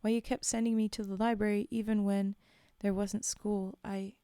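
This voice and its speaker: A woman's voice: medium pitch, little pitch movement, moderate pace, mellow, smooth, no room sound, clean studio sound, natural voice. A woman voicing a distraught teenage girl who pleads with her father while holding back tears, read aloud from a horror story. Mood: pleading, tearful.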